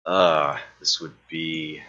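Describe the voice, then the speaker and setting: A man streaming old arcade games, chatting casually with viewers, laughing often and filling pauses with uhs. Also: rumbling low, little pitch movement, pushed and bright, muffled recording. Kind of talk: casual gameplay commentary. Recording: backup mic, music behind.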